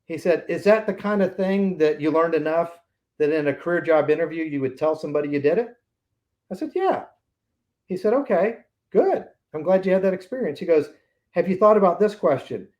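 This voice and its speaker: The same sixty-something podcast guest sounds a little high and somewhat mellow here. He shares anecdotes in a relaxed interview, imitating the voices of the characters involved.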